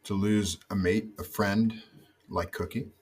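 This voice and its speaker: Husky low-voiced man giving a tribute. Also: fairly even intonation, a little slow. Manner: reflective, gently storytelling, voice dropping low at phrase ends. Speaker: former rugby teammate giving a tribute. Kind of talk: recorded memorial tribute.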